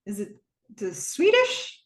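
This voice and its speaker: A woman's voice: medium pitch, huge pitch swings, slow pace, reverberant. A woman voicing a nervous, chatty middle-aged man who keeps rambling to his doctor. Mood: nervous chatter.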